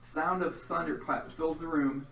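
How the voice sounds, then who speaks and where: A man's voice: a little high, creaky, slight background noise. Game master man in an echoey room. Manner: steady descriptive narration mixed with quick rule calls. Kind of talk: narrating a tabletop role-playing game. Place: room with several players. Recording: roomy sound from a distant mic, crowd chatter.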